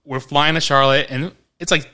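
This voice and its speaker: A man's voice: a little high, normal speed. A man from New York, co-hosting a podcast, telling a story in a casual chat, acting out quotes and laughing as he goes. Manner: animated, acts out quotes, laughs mid-story. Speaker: podcast co-host.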